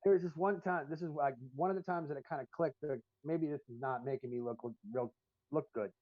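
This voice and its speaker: A man co-hosts a live podcast, telling a long story in a loose, profane ramble. His voice sits a bit high. The sound is dry and a little dull, like lo-fi stream audio. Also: fairly quick, no room sound. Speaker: podcast co-host. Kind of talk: casual chat.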